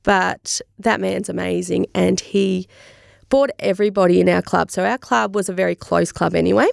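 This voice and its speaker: An Australian woman speaking as an interview guest, telling a personal story in a candid, animated way. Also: lowish voice, normal speed, creaky, dry recording, clean studio sound. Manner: candid, animated, acts out remembered dialogue. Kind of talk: conversational storytelling.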